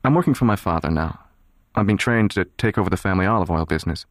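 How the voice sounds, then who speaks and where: An actor playing a guarded, controlled young man who talks in a quiet, measured, detached way. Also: low-pitched, no room sound, studio quality, natural voice. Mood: cold, serious. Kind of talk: dramatized audiobook reading.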